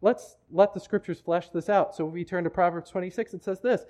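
A man's voice: high voice, brisk, dark tone. A man preaching a sermon in a church, talking in a conversational way with frequent restarts. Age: adult, married. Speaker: pastor.

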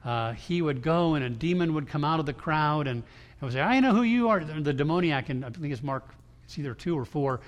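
A man's voice: fairly high pitch, fairly quick. Man preaching in a reverberant hall. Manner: conversational preaching with restarts and emphatic quotes. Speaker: pastor. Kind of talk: sermon.

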